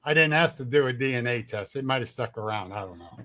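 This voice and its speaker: A man's voice: mid-range voice, animated, quick pace, bright, forceful tone. Blunt, salty man telling stories. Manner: blunt and salty, laughs often. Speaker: guest, cryptid researcher. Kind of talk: casual storytelling chat.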